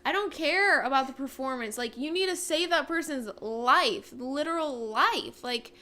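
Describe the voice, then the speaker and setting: A woman's voice: sits high, lively intonation, measured pace, pushed and bright. A young woman co-hosting a casual talk show, speaking earnestly and with many fillers. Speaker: co-host. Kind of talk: casual chat.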